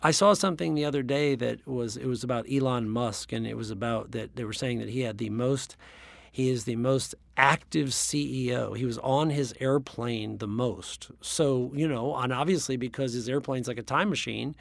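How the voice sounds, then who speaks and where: Gravelly-voiced man giving a pep talk. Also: mid-range voice, normal speed, no echo. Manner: emphatic, storytelling, direct address. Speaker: podcast host, business coach. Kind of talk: motivational podcast monologue.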